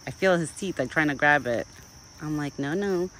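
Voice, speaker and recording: A woman's voice: low-pitched, normal speed, fairly bright tone, slight background noise, low-quality recording. A young woman chatting casually outdoors as she vlogs on her phone, rambling on and cooing baby talk to a deer. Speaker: vlogger. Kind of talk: casual chat. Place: outdoors in a rural yard. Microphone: phone camera.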